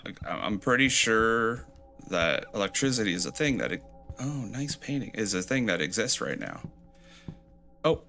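A man commenting on a horror game as he plays, joking and sarcastic, reading the game's notes aloud. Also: pushed and bright. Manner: playfully mocks the game with sudden high squeals. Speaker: gameplay commentator.

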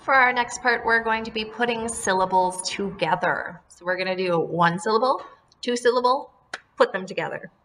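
A woman teaching a second-grade class, drilling words and syllables slowly and clearly and encouraging the children. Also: mid-range voice, a bit bright, slight background noise. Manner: slow, deliberate word drills with clear enunciation. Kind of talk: phonemic awareness lesson for young children.

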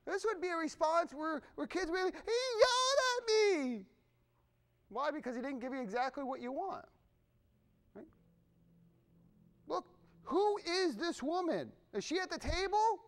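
Animated, high-pitched male preacher. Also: normal speed, pauses often. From Irish family background. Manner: conversational, animated preaching with asides to the congregation. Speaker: pastor. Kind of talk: sermon.

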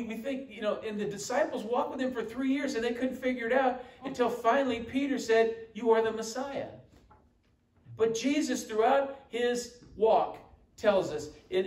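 Emphatic male pastor in echoey church. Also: very high voice. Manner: emphatic, quoting scripture with call-and-response. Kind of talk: sermon. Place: church sanctuary. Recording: echoey church room from far off.

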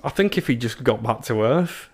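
A man's voice: medium pitch, expressive, normal speed, darkish tone. A young man hosting a podcast, telling stories in a chatty way with laughs and stammered restarts. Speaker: podcast host. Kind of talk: casual chat.

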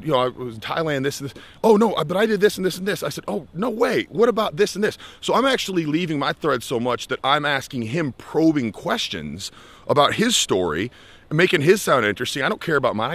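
In a dry recording, a young life skills coach from the United States tells a story vlog-style. His medium-pitched delivery is lively, and he mimics the voices of those he quotes.

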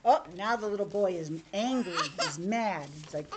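A woman's voice: mid-range voice, moderate pace, heavy background noise. A young woman teacher reading a picture book aloud to children over a video call, with chatty asides. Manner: animated, chatty asides to kids.

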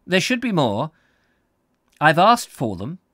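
A man's voice: a little high, huge pitch swings, takes it slowly, fairly bright tone, no room sound, studio quality, pitched above the performer's own voice, full character voice. A man reading aloud, voicing a curt, defensive woman who runs a hospital kitchen and answers sharply. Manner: short, snappish replies.

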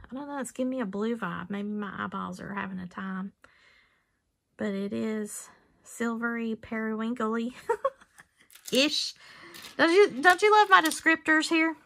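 A woman vlogger chatting casually as she unboxes things, gushing and easily excited. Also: medium pitch, vocal fry. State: out of breath. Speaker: jewelry-making vlogger.

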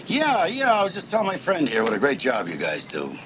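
An actor playing a gruff, stubborn older judge who grumbles and defends himself. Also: male voice, fairly high pitch, huge pitch swings, brisk, background noise. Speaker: judge being deposed.

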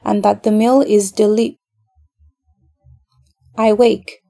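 Woman from nigeria reading a horror story, dark mellow voice with some gravel. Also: mid-range voice, flat delivery, takes it slowly, faint music behind. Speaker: narrator. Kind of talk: scripted story narration.

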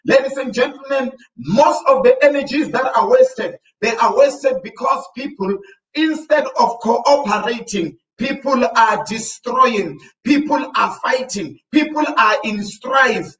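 Man, South African accent, pastor, sermon, high-pitched, distant echoey church recording. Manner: preaching with repeated calls of "ladies and gentlemen".

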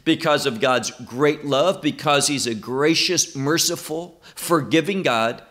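A man teaching a Bible lesson, stressing key words in a slow, emphatic way. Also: fairly high pitch, fairly bright tone.

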